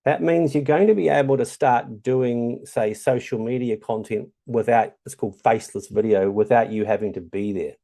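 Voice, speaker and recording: A man with a New Zealand accent talks through a tutorial in a loose, chatty way. His voice is mellow and gravelly, with a mid-range pitch. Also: fairly even intonation, normal speed, hardly any pauses. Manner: chatty, loose, many ums. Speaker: tutorial host. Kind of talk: casual screen-share tutorial.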